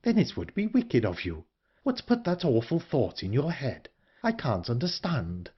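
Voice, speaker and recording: A man's voice: medium pitch, wildly swooping pitch, unhurried, slightly rough, highs cut off, pitched above the performer's own voice, exaggerated voice. A man voicing an earnest, anxious young woman in an audiobook, urgent and pleading. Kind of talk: audiobook character reading.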